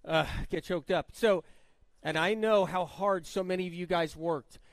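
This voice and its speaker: A man with a high voice greets a live audience as the event's host. He talks with feeling, repeats words and laughs often. His voice sounds dry and close to the mic. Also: a little slow, dry recording. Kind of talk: live stage welcome speech.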